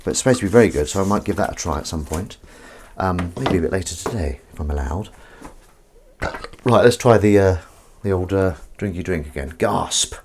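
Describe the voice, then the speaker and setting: A man's voice: sits low, animated, fairly quick, darkish tone, slight background noise. A man hosting a casual livestream from home, chatting with viewers in a rambling, self-mocking way. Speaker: livestream host. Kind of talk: casual chat with live chat viewers.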